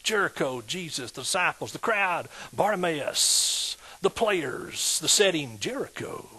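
A man preaching a sermon in a lively call-and-response manner, asking the congregation questions. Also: fairly high pitch, unhurried, slightly rough.

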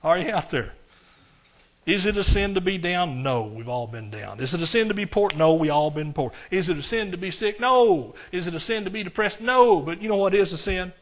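Male pastor, sermon delivery, slightly high voice, dynamic and conversational with the crowd. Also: brisk. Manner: animated, swings from loud preaching to quiet asides; talks directly to the congregation, asks questions.

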